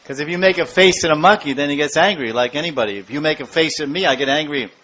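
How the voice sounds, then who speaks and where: A man giving a devotional lecture, telling stories in an animated way and acting out the scenes. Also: fairly high pitch, fast talker, slight background noise. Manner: animated storytelling, acts out scenes. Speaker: spiritual lecturer. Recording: dull lo-fi lecture recording.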